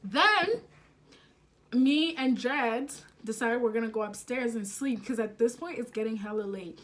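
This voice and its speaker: A young woman telling a story to the camera at home, animated and casual, swearing freely and using slang. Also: on the high side, measured pace. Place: home, indoors.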